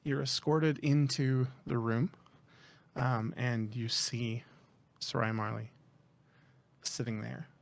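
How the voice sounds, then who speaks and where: A man narrating a tabletop game as game master, in a relaxed, halting way with many fillers. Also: medium pitch, gravelly.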